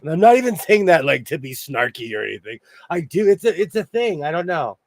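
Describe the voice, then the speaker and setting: A man hosting a sewing livestream, chatting casually and quickly while he works, talking out of the sides of his mouth. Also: on the high side, no room sound. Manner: fast-talking, animated, self-deprecating.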